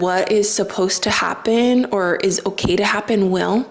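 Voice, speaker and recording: A young woman, a spiritual vlogger, talks casually to her viewers in a mid-range voice, taking it slowly. She's chatty and emotional while telling a personal story, and says "like" a lot.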